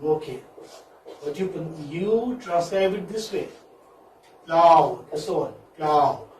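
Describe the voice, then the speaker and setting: A man's voice: sits high, mellow, a little hiss or hum. A male teacher, giving a phonetics lesson in a classroom and prompting students with repeated questions. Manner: slow, drawn-out, coaxing students with repeated questions. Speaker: English teacher. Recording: echoey classroom from far off.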